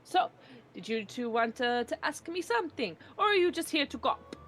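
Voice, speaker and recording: A woman voicing a vain, touchy male photographer from a game with a put-on Italian accent and a lively, indignant delivery. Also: sits high, normal speed, soft background music. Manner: indignant and boastful. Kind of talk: reading a game aloud on stream.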